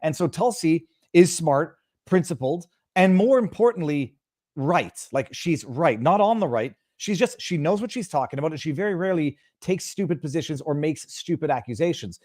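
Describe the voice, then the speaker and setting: A man from Canada talks as a guest on a political show, firm and emphatic, with a fairly high voice. He often repeats his opening words before the sentence lands. His voice sounds close and dry, with no room around it. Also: expressive, normal speed, darkish tone, no room sound. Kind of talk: political talk show interview.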